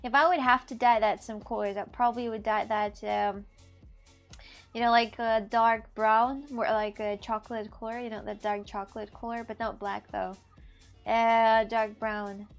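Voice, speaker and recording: A woman's voice: a little high, flat delivery, normal speed, faint music behind. A woman live streamer chatting casually with her audience in a playful, joking manner.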